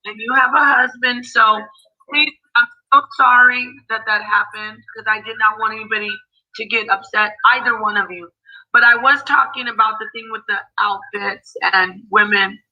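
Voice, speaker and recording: A woman hosting a livestream panel, apologetic and placating as she calms things down. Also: fairly high pitch, normal speed, faint music behind. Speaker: livestream host. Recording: dull lo-fi stream audio.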